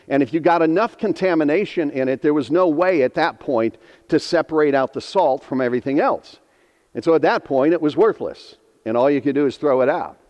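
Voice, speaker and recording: A man's voice: fairly high pitch, darkish tone, long reverb tail. A man in his fifties preaching a sermon, earnest and emphatic, repeating key phrases for weight. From northeastern Pennsylvania. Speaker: pastor.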